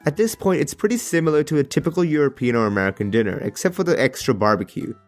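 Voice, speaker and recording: A man with an Australian accent telling a humorous animated story in an expressive, jokey way that bursts into exasperated rants. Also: fairly high pitch, fast talker, faint music behind.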